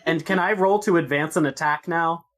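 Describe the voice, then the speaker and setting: Low-voiced woman player. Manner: rules-focused, quick asides. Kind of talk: casual chat.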